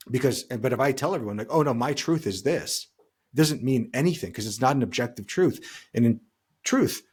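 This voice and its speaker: Husky guy on a podcast, kinda rambly, keeps spinning out what-if scenarios. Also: mid-range voice. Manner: rambling, talks through hypothetical scenarios. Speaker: podcast co-host. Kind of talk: casual podcast chat.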